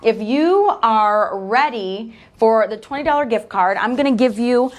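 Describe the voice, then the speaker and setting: A woman's voice: on the high side, lively intonation, measured pace, faint music behind. A woman hosting a live embroidery stream. She chats in an upbeat, casual way with her viewers while she works at a machine. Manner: chatty, upbeat, talks to viewers while working. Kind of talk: casual live demo chat.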